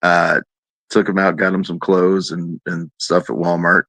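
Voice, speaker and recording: Animated man telling a story, dry close mic. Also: a little slow, vocal fry, no echo. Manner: animated, acts out quoted voices in a higher pitch. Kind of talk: casual storytelling.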